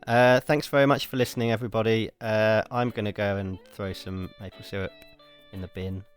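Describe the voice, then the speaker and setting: A man co-hosting a podcast, stubborn and deadpan in casual chat, often laughing. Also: lowish voice, brisk, clean tone, soft background music. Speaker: podcast co-host.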